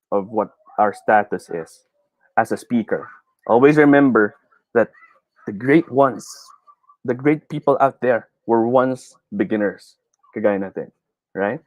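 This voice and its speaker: Male teacher, Filipino accent, warm-hearted coaching tone, mixes Tagalog into English, dry video-call audio. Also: medium pitch, slow pace, no room sound, narrow, tinny audio. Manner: encouraging, mixing Tagalog and English, chuckles often. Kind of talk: online speech class.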